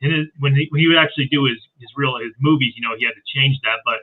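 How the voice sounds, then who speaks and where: Hesitant man over a tinny line. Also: mid-range voice. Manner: halting, hesitant with many "uh"s. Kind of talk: casual podcast chat.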